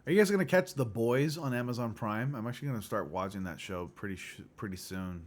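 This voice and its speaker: A man hosting a casual livestream chat, loose and profane, who often clears his throat. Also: mid-range voice, fast talker, slight background noise. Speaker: livestream host.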